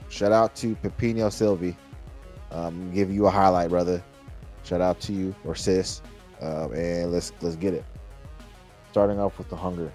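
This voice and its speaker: Deep-voiced man reacting to a song. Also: darkish tone. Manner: loose and chatty, with many restarts and hype phrases; talks straight to the viewers. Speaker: music reaction host. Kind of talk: casual music reaction commentary.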